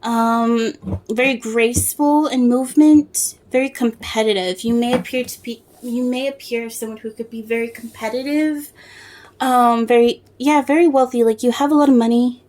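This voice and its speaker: A woman giving a casual tarot reading to the viewer, soft-spoken and rambling as she searches for words through fillers and restarts. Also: on the high side, fairly even intonation, moderate pace. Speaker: tarot reader.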